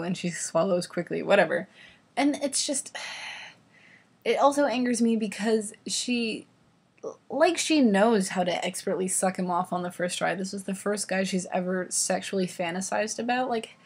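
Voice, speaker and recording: Young woman, vlogger, breathy husky voice, exasperated, sarcastic, swearing, casual rant. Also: mid-range voice. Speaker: vlogger reading and reviewing a book. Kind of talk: casual ranting book review.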